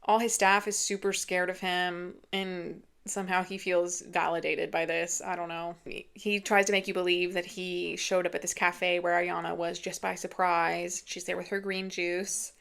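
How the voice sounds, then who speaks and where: Gravelly-voiced woman ranting about a book. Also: fairly low pitch, level tone, normal speed, a bit bright. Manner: chatty retelling full of "like", acting out quotes. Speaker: book reviewer. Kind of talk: casual book review rant.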